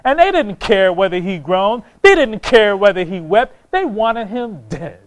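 A man's voice: sits high, sing-song, unhurried, poor audio. A man preaching a sermon, impassioned, reading scripture aloud and repeating phrases for emphasis.

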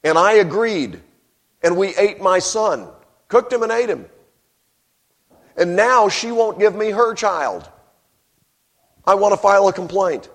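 A man's voice: high voice, expressive, unhurried, pauses often, a bit bright, voice pushed up, heavily acted. A man voicing a desperate woman pleading with a king, urgent and indignant.

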